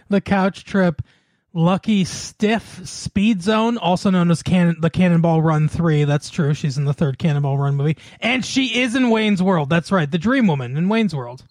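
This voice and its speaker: A man's voice: high voice, big pitch swings, slow pace, darkish tone, no room sound, studio quality. A man co-hosting a podcast in casual chat, laughing often and rattling off lists. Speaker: podcast co-host.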